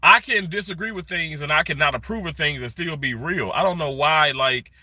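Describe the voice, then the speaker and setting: A middle-aged man talks to his viewers on a live stream from his phone, greeting each by name. His voice sits a little high and rings very bright. The sound is dry and close, with no room around it. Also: brisk, dry recording. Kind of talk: casual live stream chat. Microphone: phone held vertically.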